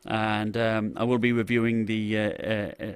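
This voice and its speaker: A man's voice: fairly low pitch, level tone, normal speed, clear, resonant tone. A man hosting a casual live stream about tech gear, talking in loose, rambling runs full of "uh" and "you know". He keeps breaking off to greet viewers by name from the chat. His voice sounds dry, with no room echo. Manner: rambling, lots of fillers and restarts.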